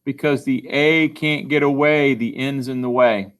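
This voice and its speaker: A man's voice: medium pitch, fairly even intonation, unhurried, clean tone. A male teacher giving a phonics lesson, patiently asking questions and answering them himself. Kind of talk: recorded classroom phonics lesson.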